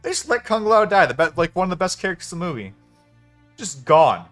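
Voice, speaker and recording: A man's voice: sits high, big pitch swings, fairly quick, fairly bright tone, soft background music. A man giving a casual spoken film review, venting in an exasperated, profane way. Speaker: movie reviewer.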